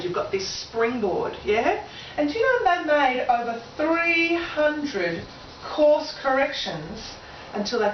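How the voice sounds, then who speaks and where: A woman with an Australian accent giving a lively motivational seminar talk to a live audience, often asking them questions. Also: high-pitched, slight background noise. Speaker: presenter. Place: room with an audience. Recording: roomy, distant, lo-fi camera audio.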